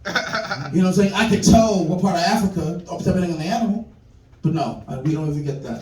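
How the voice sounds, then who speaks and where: High-voiced man doing stand-up. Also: fairly quick, echoey room, far from the mic, a crowd in the background, poor audio. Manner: animated, acts out other people's voices. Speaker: stand-up comedian. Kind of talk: stand-up comedy set. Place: comedy club with live audience.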